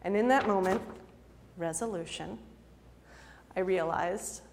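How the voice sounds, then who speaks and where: A woman's voice: fairly low pitch, a little slow, vocal fry, darkish tone, slight background noise. Chatty woman telling a story in a hall. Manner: chatty, self-deprecating, laughs often, many fillers. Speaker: storyteller and improv performer. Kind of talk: personal storytelling talk. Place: lecture hall. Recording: long hall reverb.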